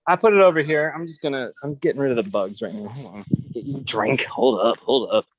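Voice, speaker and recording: A man hosting a relaxed chat, telling stories in an animated, rambling way and swearing casually. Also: medium pitch, fast, slightly rough, no room sound, rough recording. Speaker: host.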